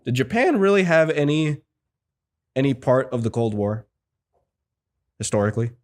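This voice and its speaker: A man's voice: medium pitch, sing-song, normal speed, a little mellow. A man hosting a casual film podcast, talking in a rambling way with lots of fillers and restarts. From United States. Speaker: podcast host.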